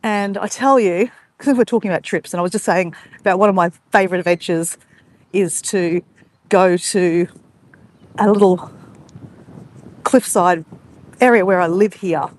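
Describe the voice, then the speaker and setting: A woman with an Australian accent live-streams from the phone she holds while walking along a beach at sunset. Her voice sits on the low side and is a little mellow, moving at a normal speed with frequent pauses. She chats casually and greets viewers by name.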